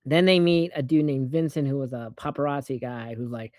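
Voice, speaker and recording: A steady, darkish, mid-range voice with no room sound belongs to someone casually walking through a film's story. The delivery wanders, laced with profanity and sarcastic jabs, and the characters' lines come out in rapid mock voices.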